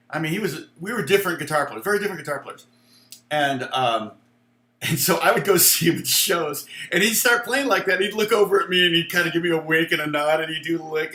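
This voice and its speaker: Chatty guitar teacher with a bright voice. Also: male voice, fairly high pitch, roomy sound. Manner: rambling, chatty, many fillers and asides. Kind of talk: casual live guitar lesson with stories.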